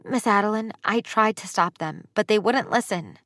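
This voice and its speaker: A woman's voice: medium pitch, normal speed, a bit bright, no echo, studio quality, pitched above the performer's own voice, close to an everyday voice. A woman voicing an earnest, worried young girl who speaks in a pleading, defensive way in an audiobook.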